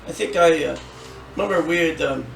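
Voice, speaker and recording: A man's voice: fairly high pitch, brisk. Podcast guy, lots of uhs and ums, distant mic, noticeable background noise. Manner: hesitant, with frequent fillers. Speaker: podcast co-host. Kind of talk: casual chat. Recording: echoey room, distant mic, clear noise.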